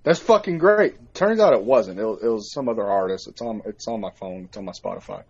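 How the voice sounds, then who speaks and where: A man telling a story in a casual chat, profane and animated as he recounts it. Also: fairly low pitch, fast talker, slightly rough, highs cut off. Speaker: podcast co-host.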